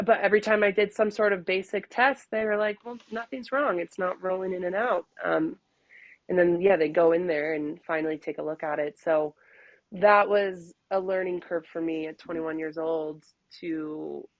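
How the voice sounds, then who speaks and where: A young woman speaking as a podcast guest in a low voice with plenty of vocal fry. She talks candidly and chattily, laughing easily. The recording is dry and a bit muffled. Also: little pitch movement, a little slow, dry recording. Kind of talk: casual podcast conversation.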